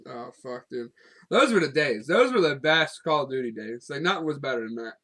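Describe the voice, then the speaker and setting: A man's voice: medium pitch, lively intonation, fairly quick, pushed and bright. A man in casual podcast chat who laughs often and swears as he remembers games with friends. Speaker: podcast co-host.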